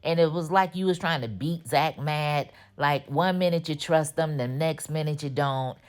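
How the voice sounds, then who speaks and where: A woman with a low-pitched voice recaps a TV episode at a moderate pace, hosting the recap in slangy, informal talk. Opinionated, she speaks straight at the characters and scolds them directly.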